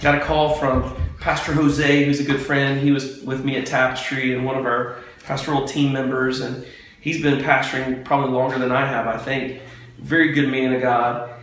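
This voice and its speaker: In a devotional vlog, a preacherly pastor speaks eagerly and sincerely about faith from his front porch. He talks at medium pitch and moderate pace, with heavy echo and slight background noise.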